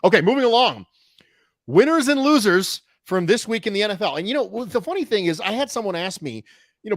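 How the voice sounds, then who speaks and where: A man hosting a casual sports podcast, talking in an animated way with quick jokey asides. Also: sits high, no room sound, studio quality. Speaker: show host.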